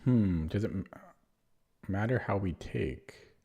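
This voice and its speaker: A man's voice: on the low side, slow, creaky, mellow, a little hiss or hum. A young man streaming himself playing chess, rambling and self-deprecating as he thinks aloud in casual commentary.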